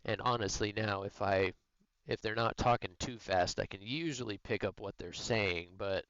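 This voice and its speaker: A man's voice: lowish voice, moderate pace, fairly bright tone, clean tone, no echo, lo-fi sound. A man streaming a game, chatting loosely with his viewers, teasing and joking. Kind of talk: casual chat while gaming.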